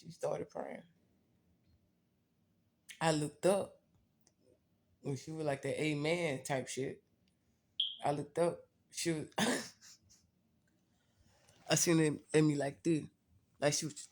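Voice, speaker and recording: A woman vlogger telling a personal story in a blunt, profane, candid way, talking straight to her viewers. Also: sits low.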